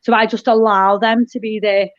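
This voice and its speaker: Woman guest, mid-pitched, halting and earnest; dry, muffled call audio. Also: level tone, no echo. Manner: halting, many restarts, earnest. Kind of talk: casual chat.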